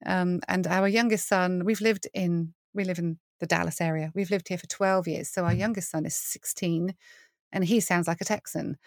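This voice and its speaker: British woman, middle-aged, low-ish voice, dry close sound, animated storyteller, laughs a lot. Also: normal speed, no echo. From United Kingdom. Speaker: podcast guest, worship leader. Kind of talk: conversational interview.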